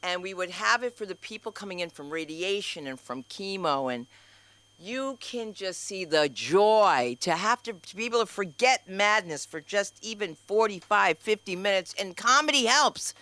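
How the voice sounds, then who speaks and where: A woman's voice: mid-range voice, lively intonation, moderate pace, bright, forceful tone, no room sound. A woman hosting an open mic comedy night, chatty and rambling as she jumps between thoughts. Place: comedy club stage.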